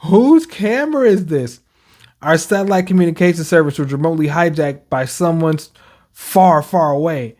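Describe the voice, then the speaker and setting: Brief: young adult man, manga reaction commentator, animated slangy delivery, slightly high-pitched. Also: moderate pace. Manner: animated, reads panels aloud with slang and laughs.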